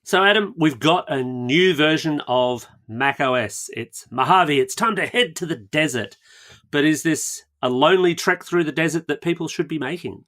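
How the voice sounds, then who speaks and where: A man with an Australian accent co-hosting a tech podcast, steering topics and dropping quick jokes. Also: fairly high pitch, a bit bright. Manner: joking, quick quips. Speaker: podcast co-host. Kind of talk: casual podcast chat.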